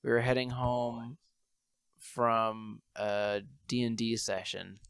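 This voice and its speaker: Young man telling a lively story. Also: medium pitch, slow pace, gravelly, clean tone, no echo. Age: young adult. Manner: animated storyteller, laughs often, acts out quotes. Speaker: podcast host. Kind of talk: casual storytelling chat.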